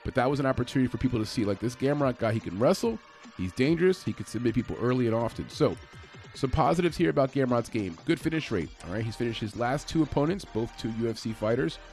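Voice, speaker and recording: A man's voice: medium pitch, expressive, fast talker, a little mellow, faint music behind. A man giving a casual, conversational breakdown of an upcoming fight, with frequent fillers and restarts. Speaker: MMA fight analyst.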